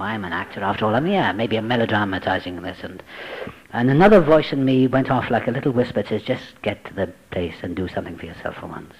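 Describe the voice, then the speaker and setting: A man telling his recovery story to a group, acting out the voices he quotes and dropping to a hush at tense moments. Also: fairly low pitch, husky, low-quality recording. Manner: dramatic, acts out quoted voices, drops to hushed tones. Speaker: speaker sharing a recovery story. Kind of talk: personal testimony, storytelling.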